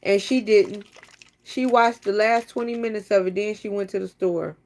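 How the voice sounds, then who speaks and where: A woman's voice: mid-range voice, fairly even intonation, normal speed, darkish tone. Woman, planner live-streamer; chatty, teasing, casual chat to camera. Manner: chatty, teasing, talks straight to viewers.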